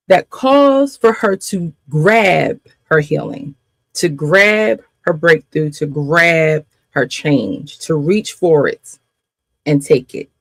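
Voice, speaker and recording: A woman's voice: on the low side, gravelly, dry recording. A woman faith coach giving a spirited teaching, repeating phrases for emphasis and laughing often.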